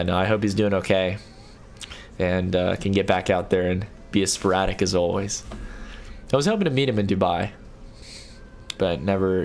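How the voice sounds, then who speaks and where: A young man with a low voice and vocal fry hosts a late-night livestream, with slight background noise. He reads viewer messages aloud and answers them casually, often stopping and restarting.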